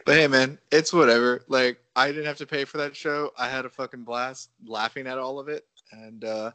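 A man with a bright, forceful voice spins lively stories in casual podcast chat, laughing and swearing freely. His voice sounds dry and close, with almost no room around it. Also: mid-range voice, moderate pace, dry recording.

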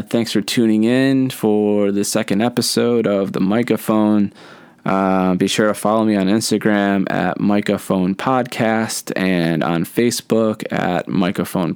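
A man's voice: lowish voice, a little mellow, clear, resonant tone, dry recording. A man in his thirties hosting a solo podcast, chatting in a rambling, easygoing way with many fillers. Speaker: podcast host. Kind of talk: casual solo podcast chat.

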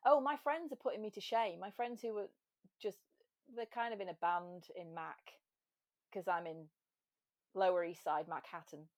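A woman's voice: lowish voice, moderate pace, long pauses, no room sound. An English woman chatting animatedly as a podcast guest, telling stories and slipping into little voices. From England. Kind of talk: casual chat.

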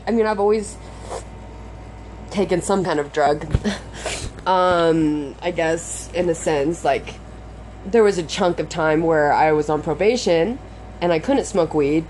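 A woman's voice: low voice, measured pace, a little mellow, slight background noise. Frustrated young woman ranting with constant swearing. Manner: frustrated, rambling, heavy swearing, frequent "like". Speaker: podcaster venting to her audience. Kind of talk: unscripted confessional vlog.

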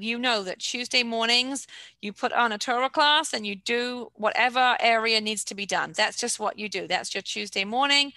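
A middle-aged woman gives brisk, practical organizing advice on an online class. Her voice is bright and forward, and the sound is close and dry with no room around it. She clears her throat now and then. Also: medium pitch, no room sound, poor audio. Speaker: organizing coach giving a talk. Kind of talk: informal online lecture with questions.

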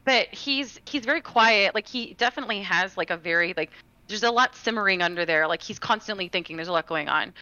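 Bright, chatty woman podcast host. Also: mid-range voice, fairly quick, dry recording, lo-fi sound. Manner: chatty, many fillers and restarts. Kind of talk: casual chat, storytelling.

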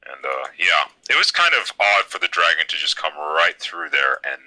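Bright-toned deep-voiced young man. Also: sing-song, normal speed, low-quality recording. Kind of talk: casual podcast chat.

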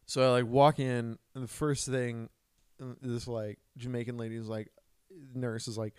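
A man's voice: medium pitch, level tone, moderate pace, a little mellow, clean tone, dry recording, studio quality. A young man co-hosting a podcast, telling a long, profane story with lots of quoted dialogue in casual chat. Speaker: podcast co-host. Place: New York City.

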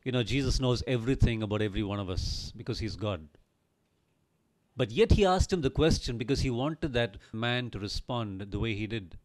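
A man's voice: medium pitch, normal speed. A man teaching a Bible story in an earnest, emphatic way, often asking the listener rhetorical questions.

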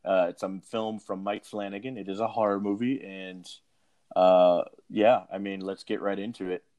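A man's voice: lowish voice, fairly even intonation, moderate pace, a little mellow, highs cut off. A man hosting a casual movie review podcast, talking in a rambling way with many fillers and restarts. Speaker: podcast host.

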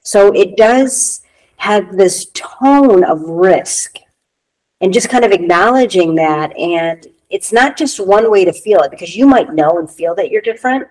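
A woman's voice: medium pitch, animated, a little slow, a little mellow, low-quality recording. A woman co-hosting a casual spiritual talk show, talking in a reflective way with many "you know" fillers. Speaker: podcast co-host.

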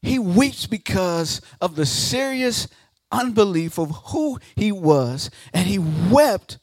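A guest pastor preaches to a congregation, acting out the people he quotes and swinging from loud declarations to hushed near-whispers. His voice is high, with big pitch swings and a slow pace, recorded at studio quality with no echo.

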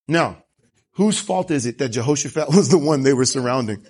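A man's voice: mid-range voice, expressive, moderate pace, a little mellow, breathy edge. A man preaching a sermon, telling the story with animation and asking rhetorical questions. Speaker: pastor.

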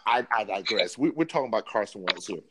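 A man's voice: lowish voice, lively intonation, fast, a loud crowd. A man co-hosting a sports podcast, arguing a point with emphatic, repeated words. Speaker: podcast co-host. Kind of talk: sports debate.

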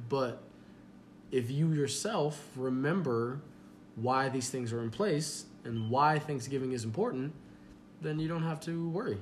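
Young man, podcast host, casual chat, rambling, lots of fillers, mid pitch, faint background noise. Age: young adult.

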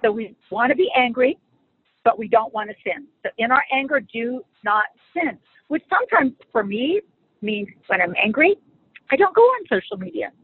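A middle-aged woman speaking as a guest on marriage and faith, teaching in a conversational, animated and humorous way. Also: on the high side, normal speed, breathy edge, dry recording. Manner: animated and humorous, acts out quoted lines. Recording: phone-like dry audio.

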